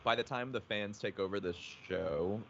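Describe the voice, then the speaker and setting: A man co-hosting a podcast livestream, talking in a relaxed, rambling way with fillers and casual swearing. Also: fairly low pitch, moderate pace, gravelly. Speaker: podcast co-host. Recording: dull stream audio with faint hiss.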